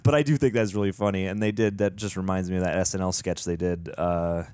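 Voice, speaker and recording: A man's voice: deep voice, fairly even intonation, fast talker, a little mellow, smooth, no room sound, studio quality. A young man co-hosting a movie reaction, chatting casually, reading trivia aloud with many fillers and restarts.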